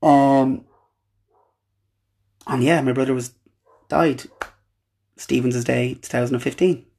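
A young Irish man hosting a podcast, telling a personal story in an earnest, halting way with frequent restarts. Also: medium pitch, steady tone, gravelly, darkish tone, slight background noise. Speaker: podcast host.

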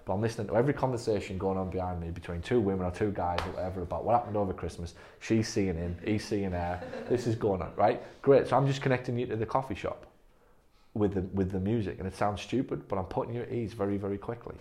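A man's voice: on the low side, fast, mellow, a little hiss or hum. A man leading a staff training session, blunt and emphatic, swearing freely. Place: physio clinic room.

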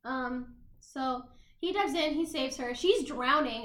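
A woman's voice: high-pitched, takes it slowly, reverberant. A young woman co-hosting a casual podcast, swearing freely and retelling scenes while snacking. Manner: swearing, animated storytelling, eating while talking. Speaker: podcast co-host. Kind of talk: casual chat.

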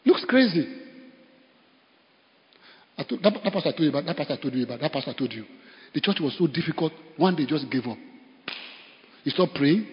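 A Nigerian man preaches in a church, telling stories with animated energy and breaking into laughter, his voice sitting a little high for a man. The sound is dull and carries a long echo from the hall. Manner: storytelling, animated, bursts of laughter. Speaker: pastor. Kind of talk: sermon.

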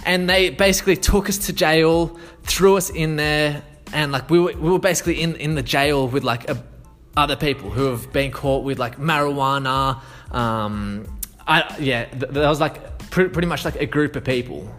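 Man, casual storytelling, higher voice, swears a lot, filler-heavy, faint background music. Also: moderate pace, a bit bright. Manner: loose and rambling, swears freely, many fillers and restarts. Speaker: sales consultant.

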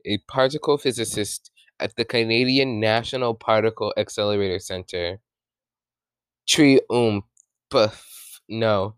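A man's voice: lowish voice, a bit bright, clean tone, no room sound. A man casually reading a science article aloud with his own commentary, often stumbling, rereading and correcting himself.

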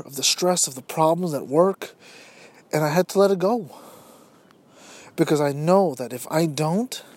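A podcast host delivers a motivational monologue in a medium-pitched, slightly mellow voice. He fires rhetorical questions straight at listeners and acts out snippets of imagined everyday dialogue.

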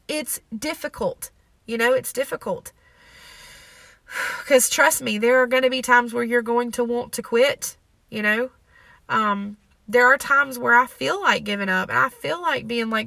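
A woman's voice: a little high, moderate pace, vocal fry, pushed and bright, no room sound. A young woman hosting a faith podcast, talking in an earnest, emotional and confessional way. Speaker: podcast host. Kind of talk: personal faith podcast talk.

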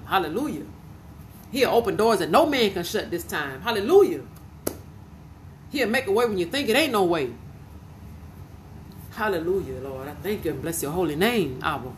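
A woman's voice: medium pitch, a little hiss or hum. A woman preacher delivering a fervent prophetic sermon on her podcast, repeating phrases and breaking into hallelujahs while addressing listeners directly. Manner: fervent, repetitive, punctuated with hallelujahs; speaks directly to listeners as "y'all".

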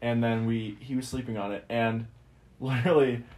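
A young man chats casually on a podcast, his voice sitting at an ordinary middle pitch. He tells a long story in a loose, rambling way, with plenty of "like" and the odd swear word. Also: flat delivery, moderate pace, a little mellow. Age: young adult. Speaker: podcast host. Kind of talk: casual chat.

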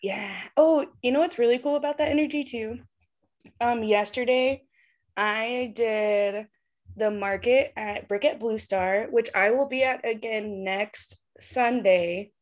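Giggly higher-voiced woman podcaster. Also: measured pace. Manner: giggly, animated, laughs often. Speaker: podcast co-host and tarot reader. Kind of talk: casual chat. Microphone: video call.

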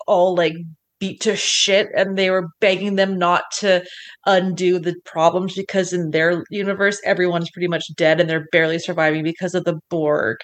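A woman co-hosting a podcast, recapping an episode in a playful, chatty way with lots of fillers, over a video call. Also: fairly low pitch. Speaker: podcast co-host. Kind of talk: casual chat recapping an episode.

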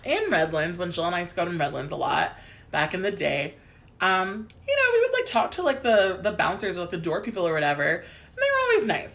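A woman's voice: on the low side, wildly swooping pitch, fast, creaky, fairly bright tone. A young adult woman co-hosting a casual chat podcast, telling stories with plenty of swearing and laughter. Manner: storytelling, swears freely, laughs often. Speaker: podcast co-host.

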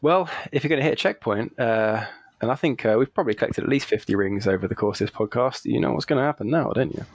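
A man's voice: medium pitch, animated, quick pace, vocal fry, hardly any pauses, dry recording. A man in casual podcast chat, laid-back and joking. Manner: laid-back, profane, laughs a lot.

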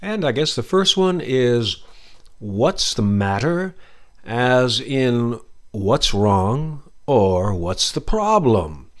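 A man's voice: mid-range voice, big pitch swings, very slow. An American man hosting an English-learning podcast, explaining expressions in a chatty, friendly way. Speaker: English teacher podcast host. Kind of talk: casual English lesson.

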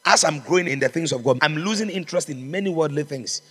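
Preacher guy, high-ish husky voice, big echoey church hall. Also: fast, a bit bright. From Ghana. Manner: fervent, exhorting, calls out to congregation. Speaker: pastor. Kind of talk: sermon.

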